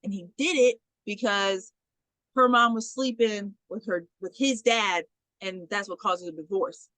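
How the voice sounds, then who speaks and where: A woman co-hosting a podcast in casual chat, retelling a movie with lively storytelling, acting out lines and swearing casually. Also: medium pitch, measured pace, no room sound, rough recording. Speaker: podcast co-host.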